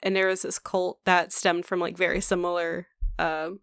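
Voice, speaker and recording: A young woman co-hosts a podcast in a loose, chatty way, with plenty of "like" and "um". Her voice is smooth and clear at a middle pitch, recorded dry and close. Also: level tone, normal speed, fairly bright tone, dry recording. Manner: chatty, full of "like" and "um" fillers. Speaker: podcast co-host. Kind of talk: casual podcast chat.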